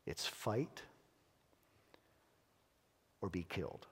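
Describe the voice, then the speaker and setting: A pastor preaching a sermon in a church, telling stories earnestly and emphatically with dramatic pauses. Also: male voice, sits low, sing-song, breathy edge. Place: church sanctuary. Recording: long church hall reverb.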